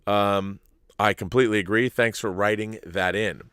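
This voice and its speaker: A man's voice: on the low side, fairly even intonation, moderate pace, fairly bright tone, clear, resonant tone, no echo, clean studio sound. Rambling, stop-start male stream host. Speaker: host of a live-streamed talk show. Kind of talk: casual live-stream chat.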